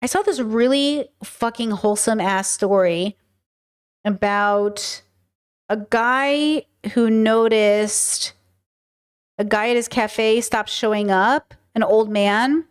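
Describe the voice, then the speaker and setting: A woman's voice: on the high side, slow, smooth. A young woman hosting a live stream, chatting casually and emotionally with her viewers, rambling with lots of fillers. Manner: rambling, emotional, talks to chat, many fillers. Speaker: podcast host streaming live.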